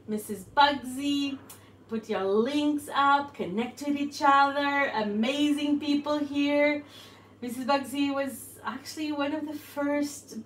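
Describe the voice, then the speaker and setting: A woman's voice: high-pitched, roomy sound, slight background noise. A woman hosting a live cooking stream from her home kitchen, bubbly and greeting viewers as she cooks. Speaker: cooking channel host. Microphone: phone.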